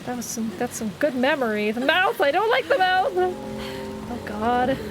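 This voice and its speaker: A woman streaming a game and reacting out loud in a high, bright voice, quick to swear and to laugh. Game music plays clearly underneath her commentary. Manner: expressive, swears, laughs often. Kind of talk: live gameplay commentary.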